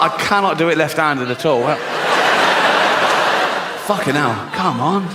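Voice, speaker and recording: A man doing stand-up in a big theatre, his voice sitting a bit high as he giggles through his own punchlines. The room rings with a long echo. Loud audience laughter and a busy background fill the recording. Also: lively intonation, takes it slowly, pauses often, heavy background noise. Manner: laughing at his own jokes, swearing, acting out bits. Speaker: stand-up comedian. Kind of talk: stand-up comedy set. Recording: live hall recording with loud crowd laughter.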